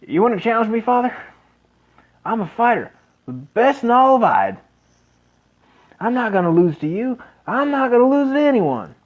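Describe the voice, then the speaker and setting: Guy putting on a cocky teenage fighter boy, pitched up, swoopy, dull lo-fi sound. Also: sing-song, normal speed, long pauses. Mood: boastful. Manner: pleading, earnest, pitched up. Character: bold young teenage boy fighter, eager.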